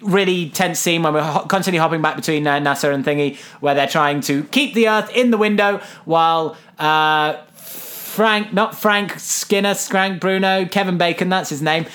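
A man's voice: a little high, normal speed, fairly bright tone. A man casually recapping a film on a podcast, playful and rambling, often breaking into silly character voices. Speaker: podcast co-host.

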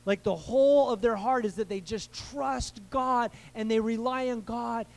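A man's voice: extremely high pitch, fairly even intonation, a little slow, gravelly, darkish tone, rough recording. A man preaching a conversational sermon from the United States, asking his listeners questions and calling for amens. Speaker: pastor.

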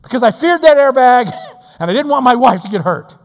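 A male pastor preaches with a fairly high voice that rings through a long hall reverb. He swings from shouting down to hushed, close tones and acts out quotes with playful voices. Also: animated, fairly quick, vocal fry. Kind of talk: sermon.

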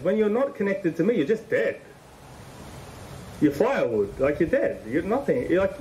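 A man's voice: high-pitched, sing-song, moderate pace, a little mellow, recorded from a distance, a little hiss or hum, poor audio. A man preaching a sermon in a conversational, emphatic way, repeating phrases for stress.

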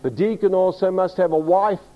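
A man with a high-sitting voice preaches at normal speed in a steady tone, though the recording is muffled. In this teaching sermon he speaks emphatically and directly, spelling out words and often seeking the congregation's agreement.

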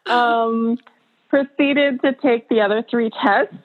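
A woman, a birth photographer, tells her personal story in an interview, halting and emotional, laughing often between phrases. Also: on the high side, fairly even intonation. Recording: tinny phone-line sound.

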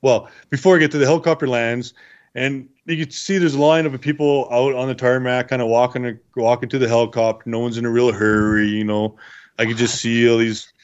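A man's voice: mid-range voice, flat delivery, brisk, clear, resonant tone, lo-fi sound. A man telling his survival story to interviewers in a rambling, good-humored way. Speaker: interview guest, bear attack survivor. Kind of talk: casual storytelling.

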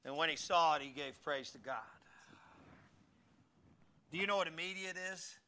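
A man preaching a sermon, telling a funny personal story with lively swings between loud bursts and quiet asides. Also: a little high, normal speed, slight background noise. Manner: animated, jokey, swings between shouting and muttering asides. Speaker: pastor.

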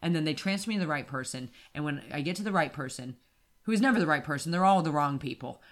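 A woman co-hosting a casual podcast, telling a story in an animated ranting way and acting out her own shouting. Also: deep voice, fast. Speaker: podcast co-host. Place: apartment in Wimbledon.

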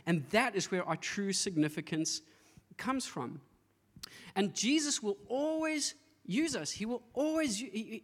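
A male pastor delivers a sermon in a fairly high voice. He tells stories with playful, acted-out asides. His voice rings with the long reverb of a large hall.

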